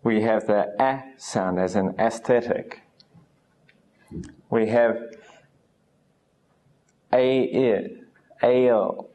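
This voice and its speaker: A man teaching English pronunciation in a recorded lesson, saying each sound slowly and patiently. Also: on the low side, darkish tone.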